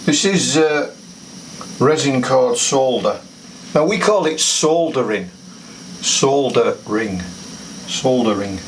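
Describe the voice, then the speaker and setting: A man's voice: mid-range voice, lively intonation, slow pace. An older man demonstrating antenna building and soldering, chatting and thinking aloud as he works. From United Kingdom. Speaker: amateur radio hobbyist. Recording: distant mic with clear background noise.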